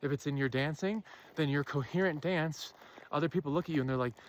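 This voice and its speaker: A woman's voice: low voice, quick pace. Emphatic woman with rhetorical questions. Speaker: self-help speaker. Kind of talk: impassioned spiritual monologue.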